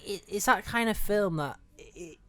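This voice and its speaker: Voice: medium pitch, unhurried. A young podcast co-host chatting casually about a film, with stumbling restarts.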